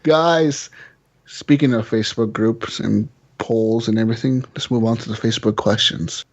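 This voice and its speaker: A man hosting a casual gaming podcast, cursing freely, laughing often and telling stories with animated energy. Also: fairly low pitch, moderate pace. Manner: profane, laughing, animated storytelling. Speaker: podcast host. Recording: slightly dull lo-fi audio.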